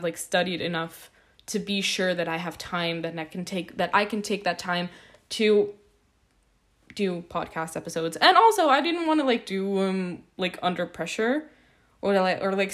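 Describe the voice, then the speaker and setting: Young woman podcast host, casual and jittery, rambling and self-deprecating. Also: on the low side. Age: young adult. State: nervous. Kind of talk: casual solo podcast update.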